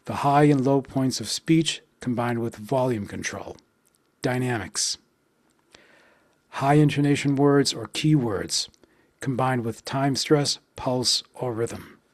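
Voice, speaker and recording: A man's voice: medium pitch, no echo. Dry-voiced man teaching pronunciation. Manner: deliberate, spells out stress beats slowly when counting. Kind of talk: instructional explanation with slow practice drills.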